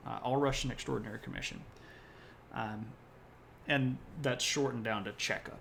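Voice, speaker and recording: Male history streamer, casual lecture, mid pitch, self-correcting asides, faint room hum behind. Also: moderate pace, gravelly, a bit bright.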